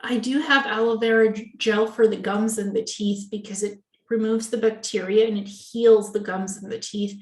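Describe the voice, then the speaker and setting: A woman's voice: mid-range voice, fairly even intonation, normal speed, hardly any pauses. A woman chatting casually in an interview, telling family anecdotes and acting out quoted dialogue. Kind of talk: casual video-call interview. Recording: echoey room.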